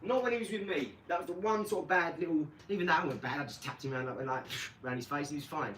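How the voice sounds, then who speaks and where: A man, rambling casually about his dogs and acting out scenes with lively energy. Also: a little high, fast, distant mic. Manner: chatty, animated when acting out scenes. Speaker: vlogger. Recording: echoey room, voice off-mic, noisy.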